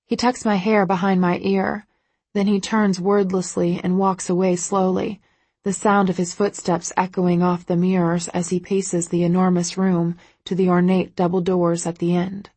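A woman's voice: on the low side, flat delivery, moderate pace, a little mellow, husky, no room sound. A woman narrating a first-person audiobook in an intimate, emotive way.

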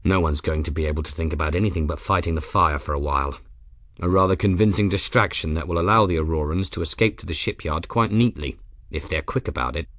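A man's voice: a bass voice, fairly bright tone, dry recording, clean studio sound, voice pushed down. A man voicing Grimm, a stern captain. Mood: calculating. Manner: clipped, measured, formal. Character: stern, controlled male airship captain.

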